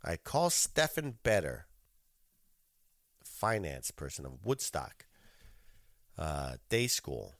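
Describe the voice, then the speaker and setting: A man's voice: a bass voice, wildly swooping pitch, slow pace, vocal fry, pauses often, fairly bright tone, no echo, clean studio sound. A man hosting a podcast, telling an annoyed story in a casual, profane rant and acting out both sides of his phone calls. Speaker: podcast host.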